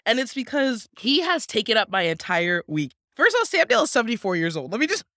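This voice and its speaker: A woman's voice: a little high, sing-song, quick pace, fairly bright tone, no room sound, clean studio sound. A young woman co-hosting a podcast, chatting casually in a bubbly, giggly way. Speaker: podcast co-host. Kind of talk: casual chat.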